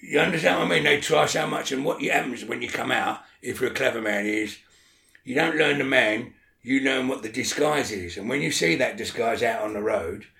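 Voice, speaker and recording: A man's voice: medium pitch, fairly quick, creaky, pushed and bright, roomy sound. A man talking as an interview guest in casual chat, blunt and swearing a lot, often checking that the listener follows.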